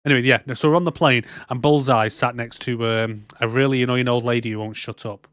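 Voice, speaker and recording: A man co-hosting a movie podcast, recapping scenes in a loose, chatty way and breaking into laughter often. His voice sits in a middle pitch and is recorded dry, with no room sound. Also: steady tone, quick pace, a bit bright, clean tone, no echo. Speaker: podcast co-host. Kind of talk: casual movie roast chat.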